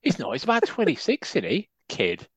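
A man's voice: high-pitched, wildly swooping pitch, normal speed, slightly rough, no room sound. A man co-hosting a casual football podcast, wry and teasing. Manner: wry, teasing, drifts into jokey put-on voices. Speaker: podcast co-host.

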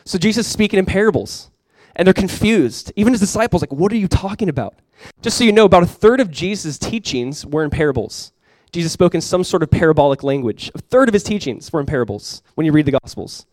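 Young man, pastor, casual chatty sermon, slightly high voice, dry close sound. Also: lively intonation, dry recording. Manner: casual, conversational, chatty with many fillers; soft, slow prayer.

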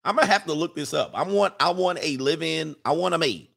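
A man's voice: fairly high pitch, brisk, vocal fry, fairly bright tone. A man riffing casually and comically as a streamer reading viewer comments, slangy and crude, breaking into laughter often.

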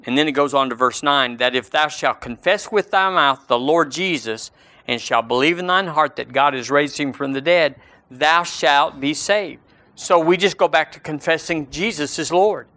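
Man preaching, bright, dry close mic, emphatic build and slow scripture reading. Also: fairly high pitch, no room sound. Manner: emphatic preaching, slows for scripture and rises on key words. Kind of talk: sermon.

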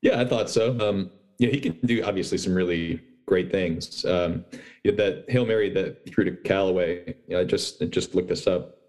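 Deep-voiced male sports writer, podcast guest, relaxed and full of fillers. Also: normal speed. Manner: relaxed, filler-heavy explaining. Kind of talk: casual sports talk.

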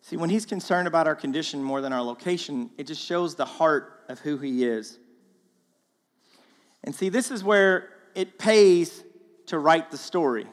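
A man giving a sermon as a guest speaker in a church, in an animated, casual way with slang, acting out the voices in the story. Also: fairly high pitch, moderate pace, big-room sound. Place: church auditorium.

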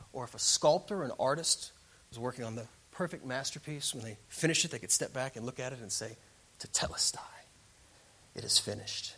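Male preacher, bright tone, dramatic delivery that swings from hushed to loud. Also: a little high. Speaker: pastor. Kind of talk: sermon.

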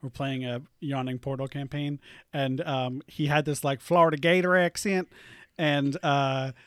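A man's voice: medium pitch, steady tone, unhurried, clean tone, dry recording, studio quality. A man, a podcast host and game master, chatting casually with many fillers and restarts. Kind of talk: casual chat.

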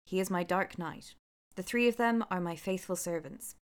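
Woman reader doing a menacing old storybook witch, low, stern, bossy. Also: moderate pace, smooth, close to an everyday voice. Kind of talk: storybook reading.

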